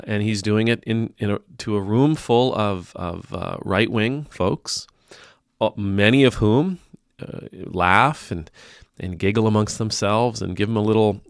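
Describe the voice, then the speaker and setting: Low-voiced, wry male priest talking to camera. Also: creaky, smooth, no room sound, studio quality. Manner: wry, teasing, conversational with frequent restarts. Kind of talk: casual spoken commentary to camera.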